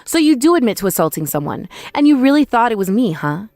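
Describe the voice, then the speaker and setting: A woman's voice: a little high, big pitch swings, quick pace, a little mellow, no echo, studio quality, faint music behind. A woman narrating a dramatized first-person story in a confrontational, scolding way.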